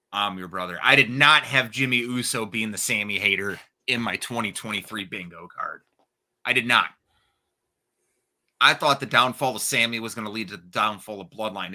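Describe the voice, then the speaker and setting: Bright-voiced, excitable man on a podcast. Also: on the low side. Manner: excited, profane storytelling. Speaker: podcast co-host. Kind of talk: casual wrestling podcast chat.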